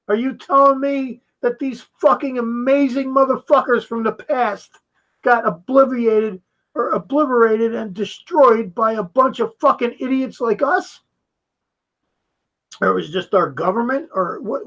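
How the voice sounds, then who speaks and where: Guy with a high voice going off on a video, cursing nonstop, sarcastic and heated. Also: measured pace, sharp tone, poor audio. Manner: profane, mocking, heated. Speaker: commentator reacting to a video. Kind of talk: ranting reaction commentary.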